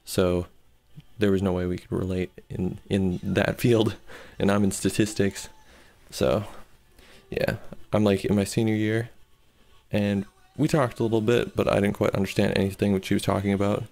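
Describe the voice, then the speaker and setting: A man in his twenties telling a story in a casual, excitable way, acting out the dialogue as he goes. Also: on the low side, normal speed, vocal fry, pauses often. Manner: excitable, quoting with "I'm like".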